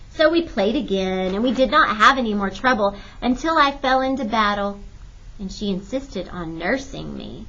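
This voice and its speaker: A woman narrating a children's historical novel in steady, clear audiobook storytelling. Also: medium pitch, normal speed. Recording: dull lo-fi recording.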